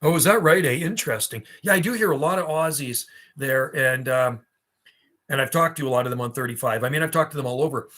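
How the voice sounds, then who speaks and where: Man in his fifties, livestream host, chatty rambling reminiscer, mid-pitched voice. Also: fast, fairly bright tone. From Canada. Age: 50s. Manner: rambling and reminiscing, answering chat. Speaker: livestream host and radio hobbyist. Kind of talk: casual livestream chat.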